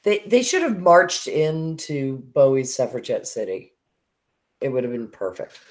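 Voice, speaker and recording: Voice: medium pitch, very animated, unhurried, darkish tone. A co-host talking in a dry, matter-of-fact way on a live stream chat.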